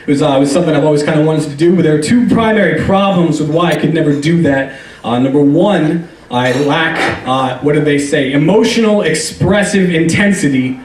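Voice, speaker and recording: Rambling young stand-up comic. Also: male voice, on the high side. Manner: rambling, self-deprecating, many fillers. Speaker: stand-up comedian. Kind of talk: stand-up comedy set. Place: comedy club stage. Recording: roomy club, distant mic.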